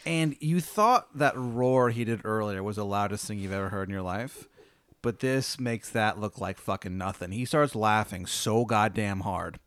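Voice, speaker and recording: Young man, game master, low-pitched, casual, profane, stumbling repeats, dry close mic. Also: moderate pace, a bit bright, clean tone, no echo. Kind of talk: narrating a tabletop game.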